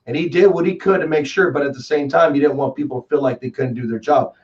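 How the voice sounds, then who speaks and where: A man from Texas in casual chat as a guest, telling rambling, animated stories with lots of fillers. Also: on the high side, fast talker. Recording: distant, dull lo-fi call audio.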